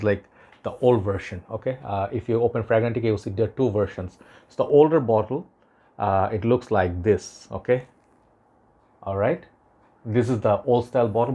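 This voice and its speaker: A young man with a Bangladeshi English accent talks in a slightly low voice, casual and earnest. He rambles through a perfume review, stopping often to check in with the viewer. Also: darkish tone. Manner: rambling, earnest, lots of "okay?" and asides. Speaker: fragrance reviewer.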